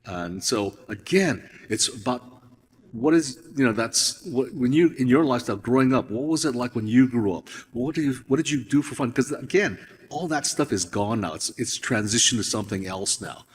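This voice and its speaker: A man's voice: medium pitch, expressive, normal speed. A man from Hawaii, a storyteller talking reflectively and rambling a little, with restarts. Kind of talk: storytelling talk on stage. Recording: long hall reverb.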